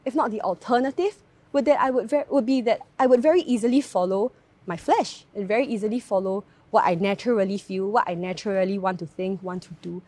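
A young Singaporean woman with a Singaporean English accent giving a devotional talk, telling a personal story in a chatty, animated way with lots of tag questions. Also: mid-range voice, a little fast, dry recording.

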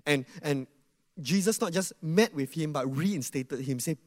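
A man preaching a sermon in an animated way, asking the audience questions and acting out quotes. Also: fairly high pitch, a little slow, in a large hall.

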